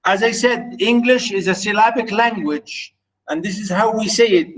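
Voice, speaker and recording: A man teaching an online poetry lesson, chanting stress patterns syllable by syllable with halting pauses and restarts. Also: high-pitched, a bit bright, rough recording. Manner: many fillers and restarts while explaining.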